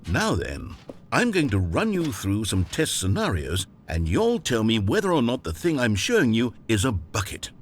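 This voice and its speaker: A man's voice: medium pitch, wildly swooping pitch, normal speed, a little hiss or hum. A man voicing a dry, patronizing video game narrator, reading scripted lines with mock patience.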